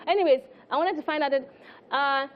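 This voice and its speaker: A woman's voice: high-pitched, brisk, lo-fi sound. A woman with a Nigerian accent co-hosting a TV entertainment show, bantering and telling stories in a chatty way with frequent laughs. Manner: chatty, laughs often, acts out quoted dialogue. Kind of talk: lively studio banter and storytelling. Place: TV studio.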